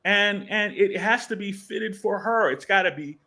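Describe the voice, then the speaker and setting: A man's voice: high voice, normal speed, gravelly, pushed and bright. Man animatedly telling a story. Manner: rambling, many fillers, acts out scenes. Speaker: guest comic book writer. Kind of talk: animated storytelling in a podcast interview.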